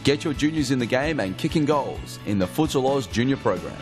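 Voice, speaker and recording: A man's voice: mid-range voice, expressive, brisk. A man reading a scripted advertisement in an upbeat, persuasive way. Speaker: advertisement voice-over. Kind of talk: scripted ad read. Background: guitar music.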